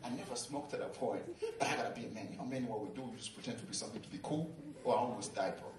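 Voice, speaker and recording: A young man from Tanzania doing stand-up, telling a story in an animated way, acting out quotes and often laughing as he talks. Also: medium pitch, racing. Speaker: stand-up comedian. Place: large venue with live audience. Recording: echoey live venue, distant mic, loud crowd and noise.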